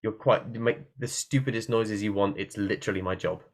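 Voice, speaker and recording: A man teaching singing in an online workshop, talking casually from a room at his computer and breaking into quick sung and yelled demonstrations. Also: lowish voice, steady tone.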